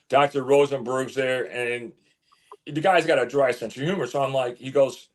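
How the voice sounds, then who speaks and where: A man telling a story as an interview guest, animated, stumbling and repeating words as he goes. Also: mid-range voice, moderate pace. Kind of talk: casual storytelling.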